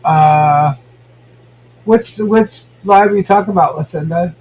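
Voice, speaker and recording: A man's voice: high voice, a little slow, a little mellow, slightly rough. A man hosting a casual podcast, chatting and reacting to viewer comments. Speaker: podcast host. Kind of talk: casual gossip chat.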